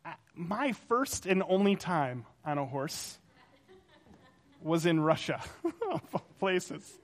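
A male pastor preaching a sermon, telling stories in an animated, conversational way. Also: high-pitched, normal speed.

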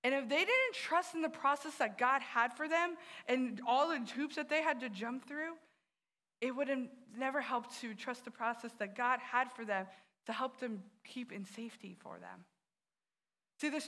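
A woman's voice: sits high, a bit bright. A woman youth director giving an earnest sermon, telling personal stories and speaking straight to the listeners.

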